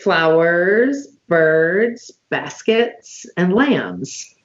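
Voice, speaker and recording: A woman hosting a casual online conversation, listing items slowly with many fillers over a video call. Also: lowish voice, sing-song, lo-fi sound. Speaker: podcast host.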